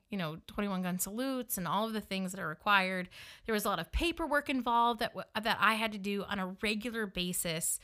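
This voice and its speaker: A woman's voice: medium pitch, bright, forceful tone. A woman from the northern United States, with a Northern US accent, chatting casually as she tells her story and filling her speech with "like" and "you know.". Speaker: funeral director telling her story.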